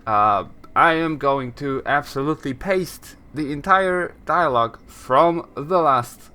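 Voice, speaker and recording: A man's voice: on the high side, takes it slowly, bright, forceful tone, clear, resonant tone. Rambling male let's-play commentator. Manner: rambling, self-correcting, chuckles at himself. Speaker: gameplay commentator.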